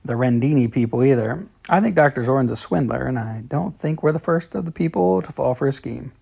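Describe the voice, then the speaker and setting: A man with a gravelly, husky voice voicing a kind young woman schoolteacher with a gentle, earnest manner. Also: mid-range voice, animated, a little fast, lo-fi sound. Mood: concerned.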